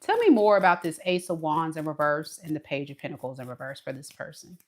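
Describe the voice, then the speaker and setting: A tarot reader with a slightly low voice delivers a loose, chatty reading, talking straight to the viewer in an expressive, brisk way. In a casual monologue, she slips into dramatic asides as she acts out the other person's thoughts.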